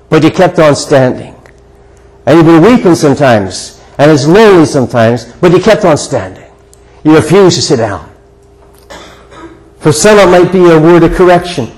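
An older man delivers a sermon in a slightly higher-pitched voice. His preaching is earnest and conversational and leans on repeated rhetorical questions. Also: darkish tone, rough recording. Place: church sanctuary before a congregation.

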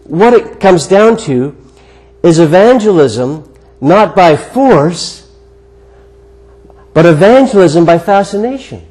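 A man preaching a sermon, telling a personal story in an earnest way with emphatic pauses. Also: high voice, animated, a little mellow, poor audio. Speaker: guest preacher.

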